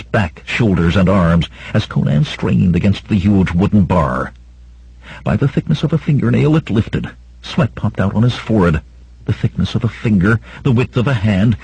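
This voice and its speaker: A man's voice: low voice, breathy edge, no room sound, low-quality recording. A man narrating an audiobook in a dramatic reading style. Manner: dramatic, voices shouts of characters. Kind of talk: scripted narration.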